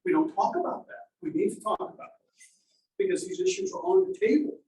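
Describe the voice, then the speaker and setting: High, animated man teaching in a roomy space. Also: brisk, creaky, far from the mic. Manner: conversational, animated, acts out quoted voices. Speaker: Bible teacher. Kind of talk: teaching sermon.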